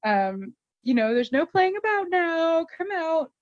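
Woman voicing breezy male con man, high and bossy, dull lo-fi recording. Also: very animated, measured pace, no echo, exaggerated voice.

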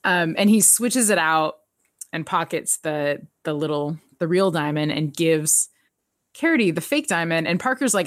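Recapping an episode on her podcast, this woman chats casually and with animation, frequently laughing and voicing the characters. She sits low in pitch at a moderate pace, in clean studio sound with no echo.

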